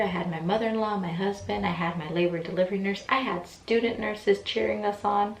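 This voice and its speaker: A woman's voice: mid-range voice, a little fast, few pauses, distant mic, a little hiss or hum. Chatty young woman in an echoey room. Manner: chatty, many fillers, acts out quoted voices. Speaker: vlogger. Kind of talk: casual storytime. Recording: echoey room, voice from off mic, faint ambience.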